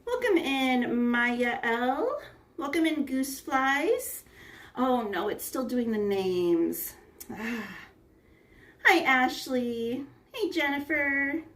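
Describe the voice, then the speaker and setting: On a phone front camera set some way off, a high-pitched, animated American woman runs a laid-back cooking livestream. She draws out her words in a slightly bright tone while greeting each viewer by name.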